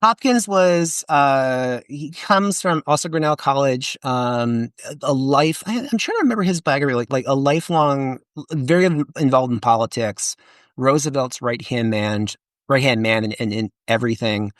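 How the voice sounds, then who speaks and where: A man, an author and historian, talking in a casual podcast interview, animated and chatty with many restarts and fillers. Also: mid-range voice, normal speed, no echo.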